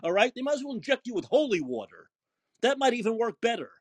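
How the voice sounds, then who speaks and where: A man's voice: extremely high pitch, very animated, quick pace, no room sound. A man hosting a call-in podcast, ranting angrily and swearing heavily. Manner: profane, ranting, emphatic. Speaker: podcast host. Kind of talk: angry call-in show rant.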